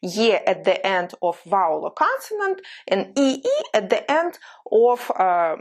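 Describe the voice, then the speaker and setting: A woman with a slightly husky voice teaches an online language lesson. Her pitch moves a lot as she explains, and she slows right down to repeat each example phrase. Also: sing-song.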